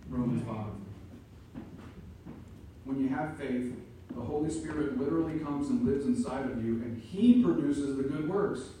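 Pastor guy preaching, gets loud and punchy, heard from far off in a big echoey church. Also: mid-range voice, a little slow, long pauses, slight background noise. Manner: emphatic, rising to loud peaks. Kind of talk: sermon. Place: church sanctuary.

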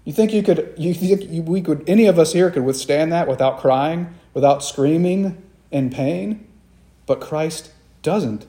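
A man delivering an earnest sermon, pitched a little high but with a mellow, warm tone. He leans on repetition for emphasis and puts direct questions to his listeners. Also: a little slow. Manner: earnest, repeats phrases for emphasis. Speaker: preacher.

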